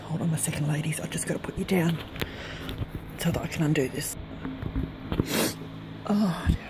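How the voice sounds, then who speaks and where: A woman crafter filming a gift unboxing at home on a handheld camera, tearful and trembling, gushing softly with many breathy sighs. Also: low-pitched, fairly even intonation, normal speed, very noisy. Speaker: craft vlogger. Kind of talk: emotional gift-unboxing vlog. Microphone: handheld camera, shaking.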